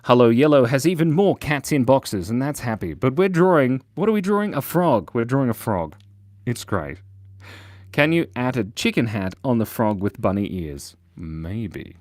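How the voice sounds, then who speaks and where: A man's voice: mid-range voice, big pitch swings, moderate pace, a little mellow, no room sound. A man hosting a live children's drawing lesson, playful and jokey, reading viewers' chat aloud as he draws. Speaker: drawing show host.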